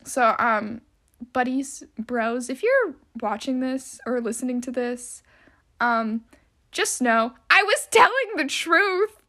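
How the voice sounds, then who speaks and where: A young woman chats through a solo podcast in a rambling, easygoing way, her speech full of filler words. Her voice sits high and sounds bright and sharp, and she talks freely without a script. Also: lively intonation, slow. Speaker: podcast host. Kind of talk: casual solo podcast chat.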